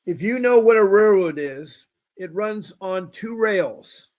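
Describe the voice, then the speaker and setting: High-voiced man hosting a call-in show. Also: expressive, slow, a little mellow. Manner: rambling, folksy, repeats himself. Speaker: show host. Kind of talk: casual call-in show talk.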